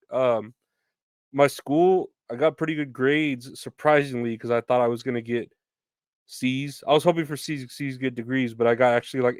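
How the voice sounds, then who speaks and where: A man's voice: medium pitch, clean tone, no echo, studio quality. A young man hosting a podcast, telling stories in a rambling, casual way with swearing and laughter. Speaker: podcast host. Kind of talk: casual solo storytelling.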